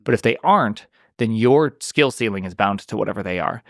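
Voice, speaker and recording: A man talking as a podcast guest in casual conversation, rambling and animated, with lots of restarts and fillers. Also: lowish voice, fairly quick, creaky, no room sound, studio quality.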